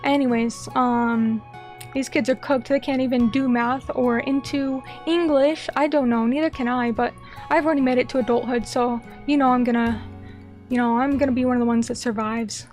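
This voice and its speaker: A woman streamer chatting casually with her viewers, excitable and gushing, breaking into rants. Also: a little high, moderate pace, soft background music. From United States. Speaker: vtuber streamer. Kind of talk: casual chat reading viewer comments.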